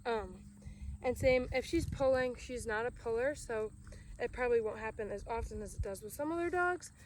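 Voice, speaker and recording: A woman dog trainer explaining commands outdoors in a relaxed way, breaking off to give short commands to her dog. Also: on the high side, moderate pace. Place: outdoors in a grassy yard. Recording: outdoor recording with crickets and background noise.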